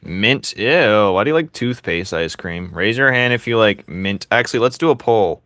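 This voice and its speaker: A young man chats casually with viewers as he draws live, joking and teasing them between laughs. His voice sits a bit low but sounds bright and forward. The sound is dry and close. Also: expressive, normal speed, no room sound. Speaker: streamer drawing live and reading chat. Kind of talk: casual livestream chat while drawing.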